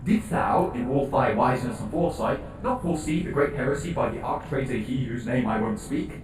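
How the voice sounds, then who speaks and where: A man's voice: medium pitch, a little fast, over music, natural voice. A man playing an exasperated, foul-mouthed male palace guard in a comedy animation. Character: hot-tempered male palace guard reading letters. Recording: echoey, distant from mic.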